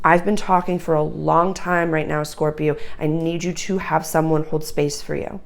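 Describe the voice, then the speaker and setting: A woman's voice: deep voice, level tone, normal speed, creaky. A woman giving a channeled tarot reading to camera, urgent, emotional and earnest, with many fillers. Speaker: astrology and tarot reader.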